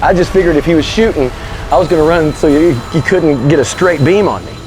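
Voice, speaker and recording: A man telling a story as an interview guest, animated and slangy, swearing freely. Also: fairly high pitch, fairly quick, over music. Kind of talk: casual storytelling.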